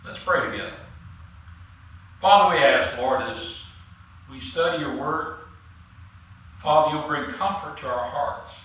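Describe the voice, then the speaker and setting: A man's voice: medium pitch, a bit bright. A man preaching a sermon as pastor, earnest and rising to emphatic on key points. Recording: roomy echo, mic at a distance.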